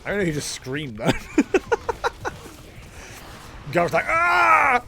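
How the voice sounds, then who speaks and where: A man's voice: on the high side, lively intonation, quick pace, gravelly, a little hiss or hum. A young man giving casual, jokey gameplay commentary as a streamer, chatting with his viewers. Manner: jokey, self-mocking, chatty with chat. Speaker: game streamer.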